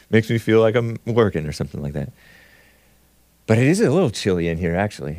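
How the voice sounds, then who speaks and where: A man's voice: lowish voice, big pitch swings, moderate pace, pauses often, darkish tone, dry recording. A man hosting a call-in talk show, joking and laughing often as he chats. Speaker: radio show host.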